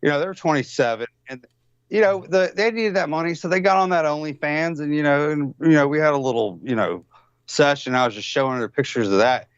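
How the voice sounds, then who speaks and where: A man's voice: fairly high pitch, a little fast, clean tone, dry recording. A male guest on a remote call, chatting casually, crude, rambling and swearing with many fillers. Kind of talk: casual chat over a call. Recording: dull lo-fi call audio.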